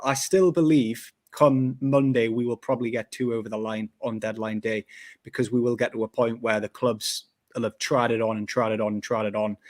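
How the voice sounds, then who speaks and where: A man's voice: medium pitch, a little mellow. A man co-hosting a football podcast in casual chat, emphatic and given to repeating phrases like "to be honest". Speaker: podcast co-host.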